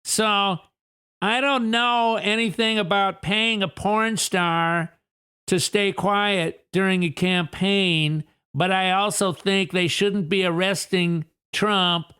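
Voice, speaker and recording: A man doing a mocking impression of a smug, boastful male politician who brags slowly and pleased with himself. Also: high voice, fairly even intonation, bright, forceful tone, clear, resonant tone, pitched above the performer's own voice, heavily acted. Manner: slow, self-satisfied boasting.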